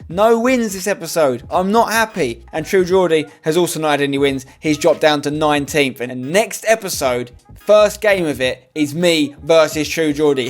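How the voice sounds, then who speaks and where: Young man, game commentary, fairly high voice, faint music behind, excitable. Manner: excitable, groans loudly at conceded goals. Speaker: host.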